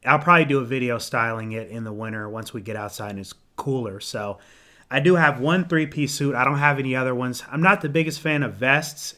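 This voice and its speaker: A young man casually answering viewer comments on a live stream, rambling with ums and restarts, clearing his throat and losing his voice. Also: mid-range voice, pushed and bright. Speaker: menswear YouTuber hosting a live Q&A.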